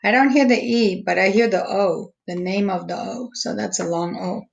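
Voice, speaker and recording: A woman teacher slowly walking young students through a phonics lesson, stretching out each word's sounds. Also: mid-range voice, gravelly, highs cut off. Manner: slow, patient, stretching out each word sound.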